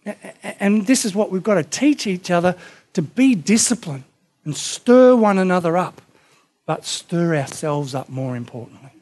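High-voiced man preaching with fervor. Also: animated, normal speed. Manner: impassioned, emphatic preaching with sudden loud peaks and hushed drops. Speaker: pastor. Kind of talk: sermon.

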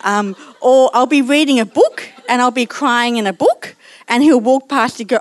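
A woman's voice: on the high side, moderate pace, dry recording. A woman giving a sermon in a personal, chatty way and laughing at herself now and then. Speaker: church speaker.

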